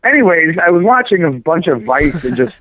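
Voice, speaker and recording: A man's voice: fairly high pitch, sing-song, fairly quick, sharp tone. A man co-hosting a talk show, ranting in crude, profane, mocking casual banter. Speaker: podcast co-host. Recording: dry, phone-like narrow sound.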